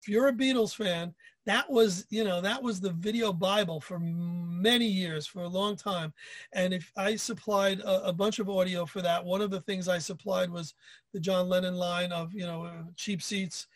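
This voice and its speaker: High-voiced man in a dry room. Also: steady tone, moderate pace, no echo. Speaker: podcast host. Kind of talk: casual chat.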